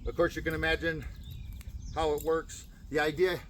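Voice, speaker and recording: A male dog trainer explaining recall training outdoors in a calm, practical way. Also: normal speed, slight background noise. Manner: calm explaining, bursts of high excited praise to a dog.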